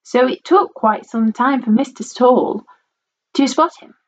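A woman reading a children's storybook aloud in a playful, expressive way. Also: on the high side, measured pace, a little hiss or hum. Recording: dull lo-fi recording.

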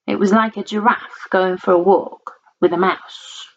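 A woman reading a children's storybook aloud in a playful, expressive way. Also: medium pitch, unhurried, slight background noise. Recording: dull lo-fi recording.

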